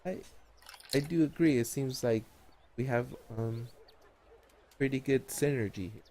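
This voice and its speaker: A man voicing a female adventurer in a tabletop game, speaking in a measured, polite way. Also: medium pitch, dark tone, a little hiss or hum, pitched above the performer's own voice, natural voice. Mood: agreeable.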